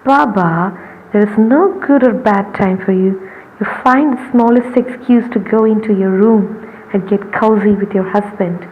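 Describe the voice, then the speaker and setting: A woman's voice: mid-range voice, unhurried, a little hiss or hum, lightly acted. Lady doing a snarky worn-out sister-in-law, muffled audio. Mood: snide. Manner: snide, teasing. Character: overworked sister-in-law, mocking and snide.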